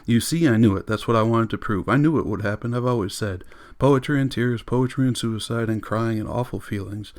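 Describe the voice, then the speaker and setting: A man's voice: mid-range voice, fairly quick, darkish tone, lightly acted. A man voicing Mrs Bowles, an indignant grown woman who scolds in accusing repetitions.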